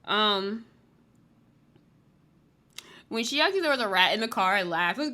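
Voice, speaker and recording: Bright-voiced woman rambling casually. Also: a little high, huge pitch swings, fairly quick, long pauses. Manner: rambling, fills speech with "like"; candid, blunt. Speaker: TV reality show reviewer. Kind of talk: casual chatty recap.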